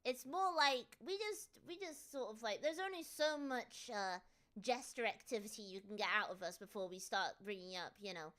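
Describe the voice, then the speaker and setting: A British woman VTuber streamer from the United Kingdom answers viewer questions in a casual, jokey chat. Her voice sits on the high side, a bit bright, at a normal speed, and she restarts often and slips into playful put-on voices.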